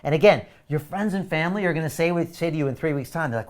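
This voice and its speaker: A man's voice: a little high, fast, few pauses. A man hosting a live webinar, pushing viewers hard and emphatically to sign up for a course. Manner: energetic, urgent, pushy and emphatic. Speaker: webinar host selling a course. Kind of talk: live webinar sales pitch.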